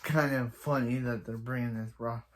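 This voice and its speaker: A man talks through a TV episode in a loose, casual recap. He keeps restarting and correcting himself and chuckles now and then. His pitch sits at an ordinary middle height. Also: steady tone, normal speed, slight background noise. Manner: rambling, frequent restarts and self-corrections. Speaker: TV episode reviewer.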